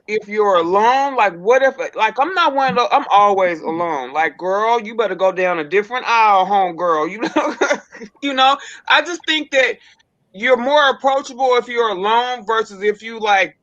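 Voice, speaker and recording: A woman's voice: medium pitch, a bit bright, highs cut off. A woman panelist speaking emphatically, with frequent laughs, in a casual live chat.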